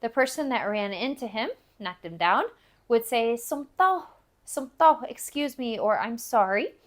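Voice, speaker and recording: A woman teaching a language lesson, repeating foreign phrases slowly and carefully for learners. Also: on the high side.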